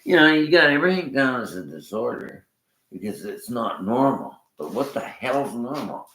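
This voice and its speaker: A man's voice: mid-range voice, big pitch swings, normal speed, fairly bright tone, echoey room, slight background noise. An older Canadian man delivering a blunt, cursing rant, laughing between complaints. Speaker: vlogger. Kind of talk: ranting monologue.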